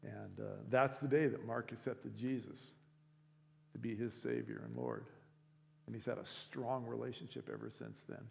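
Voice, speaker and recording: A man's voice: medium pitch, expressive, normal speed, creaky, slight background noise. A man telling a story in a sermon to a school assembly, acting out the people in it as he goes. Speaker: speaker at a school week of prayer. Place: large school chapel or auditorium. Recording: long hall reverb.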